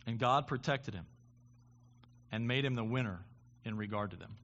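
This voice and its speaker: A man preaching a sermon, with halting restarts, building to impassioned preaching. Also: mid-range voice, a bit bright, lo-fi sound, a little hiss or hum. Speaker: pastor.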